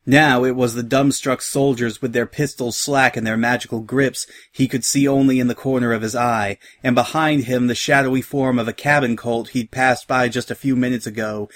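A man reads a story aloud with a steady, even narrating manner. His voice sits at an ordinary middle pitch for a man. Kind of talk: reading a fan story aloud.

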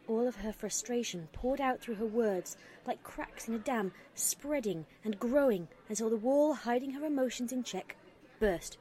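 A woman narrating a fan fiction story in an even storytelling manner. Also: fairly high pitch, moderate pace, slightly rough, no room sound.

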